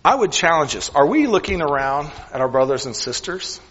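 A man's voice: a little high, big pitch swings, a little fast, husky, long reverb tail. Earnest male preacher, muffled recording. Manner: earnest, questioning, dropping softly on key lines. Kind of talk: sermon.

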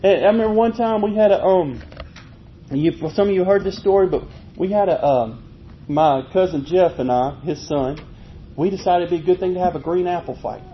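A man preaching a folksy, animated sermon, chuckling as he tells stories. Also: brisk. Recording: muffled, low-fi with faint noise.

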